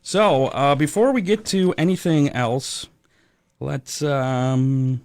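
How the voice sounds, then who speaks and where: A man hosts a racing talk show in a relaxed, chatty way, full of ums and uhs. His voice sits in an ordinary middle register, and the room is dry and close. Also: medium pitch, slow pace, dry recording. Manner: chatty and upbeat, lots of fillers. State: a little out of breath. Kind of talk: casual radio show chat.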